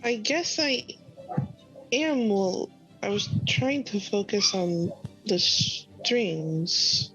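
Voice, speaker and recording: A woman's voice: medium pitch, extremely slow, a bit bright, faint music behind. A woman playing a tabletop role-playing game, answering hesitantly and with puzzlement. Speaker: player. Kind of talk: in-character play. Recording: dull lo-fi mic.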